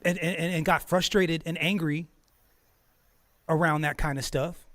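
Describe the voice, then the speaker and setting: With a slightly high, fairly bright voice and fairly even intonation, a man hosts a streamed talk show at an unhurried pace. He talks casually and profanely, gets heated, laughs often and stumbles on repeated words.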